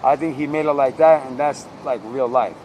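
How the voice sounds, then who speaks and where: A man's voice: medium pitch, normal speed, darkish tone, a little hiss or hum. A man improvising a rambling, slangy comedic rant as host, mock-interviewing someone.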